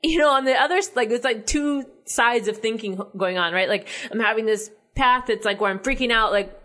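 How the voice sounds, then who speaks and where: A woman's voice: on the high side, brisk, few pauses, a bit bright. A young adult woman from the United States talking through her thoughts in a casual monologue, full of "like" and "right?". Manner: chatty, heavy use of "like" and "right?".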